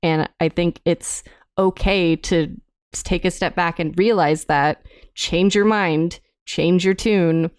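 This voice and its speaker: A woman's voice: fairly low pitch, fairly even intonation, slow, smooth, no room sound, studio quality. A woman co-hosting a podcast in casual chat, earnest and hesitant, with many ums and restarts. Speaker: podcast co-host.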